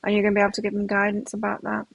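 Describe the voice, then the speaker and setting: A middle-aged woman chats her way through a live tarot reading. Her voice is a little husky, recorded dry and close. She rambles and circles back, restarting her sentences as she goes. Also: medium pitch, completely flat delivery, racing, no room sound, low-quality recording. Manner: chatty, rambling, with frequent restarts. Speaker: tarot reader.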